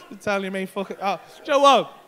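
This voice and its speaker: A male stand-up comedian telling a story on a comedy club stage, animated and swearing, shouting his punchlines. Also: high-pitched.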